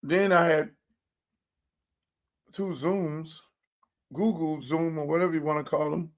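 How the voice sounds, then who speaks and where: A man hosts a loose livestream chat and drifts from one thought to the next while eating. His voice sits fairly high for a man. He takes his time, with an unhurried, drawn-out delivery. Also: fairly even intonation. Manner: rambling and chatty, talking while eating. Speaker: show host.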